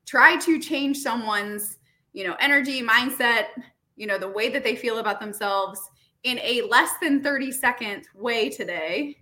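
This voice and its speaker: A woman's voice: fairly high pitch, a little slow. A woman talking earnestly in a casual conversation, with lots of "like" and "you know". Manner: earnest, animated, many fillers.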